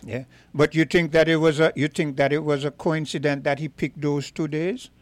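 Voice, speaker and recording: A man hosts a radio talk show, asking measured questions with hesitant starts. His voice sits a little high and sounds dry and close in the studio. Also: level tone, dry recording.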